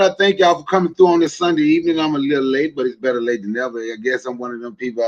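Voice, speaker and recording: A man's voice: mid-range voice, quick pace, few pauses, dull audio. A man hosting a casual livestream. He talks loosely to his audience, throws in jokes and questions, and rallies his listeners with emphatic repeated lines. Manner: emphatic, rallying. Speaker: livestream host. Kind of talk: casual livestream talk to a chat.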